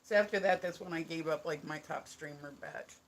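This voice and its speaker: A woman's voice: low voice, brisk, slight background noise. A woman with a New Jersey accent chatting casually on a livestream, rambling, laughing often and swearing casually. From United States. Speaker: live streamer. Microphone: phone.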